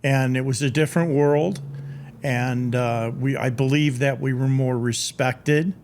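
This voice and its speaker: A man's voice: mid-range voice, steady tone, unhurried, a little mellow, slight background noise. A man hosting an interview, easygoing and using filler words as he asks a question. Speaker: podcast host, interviewer.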